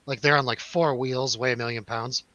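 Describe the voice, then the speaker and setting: A man's voice: medium pitch, steady tone, moderate pace, bright, forceful tone, no echo, muffled recording. A young man on a podcast, telling a story in casual chat, acting out quotes and swearing freely. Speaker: podcast co-host.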